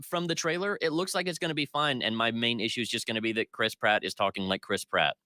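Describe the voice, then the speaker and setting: A man's voice: medium pitch, quick pace, sharp tone, dry recording. A man co-hosting a casual pop culture podcast, giving opinionated critiques at length with plenty of fillers. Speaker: podcast co-host.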